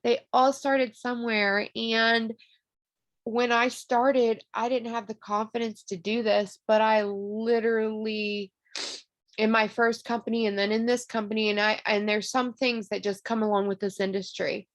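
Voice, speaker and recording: A woman's voice: on the high side, flat delivery, a little slow, no echo. A woman in her thirties leading her team on a motivational video call, talking earnestly with many fillers, her voice turning tearful. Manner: earnest, emotional, rambling with fillers. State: tearful, voice breaking. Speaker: team leader.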